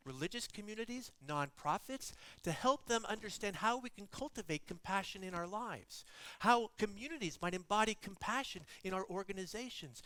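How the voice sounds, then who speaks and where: A middle-aged man giving a storytelling sermon, animated and lively as he acts out scenes. His voice sits high for a man and rings bright and forceful. The sound is dry and close, with little room. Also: no echo. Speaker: guest preacher and theology professor.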